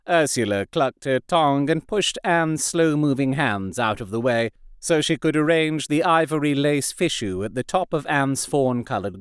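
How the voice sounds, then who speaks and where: A man narrating a historical romance audiobook in an expressive storytelling manner. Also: medium pitch, clean tone, no echo, studio quality. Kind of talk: scripted narration.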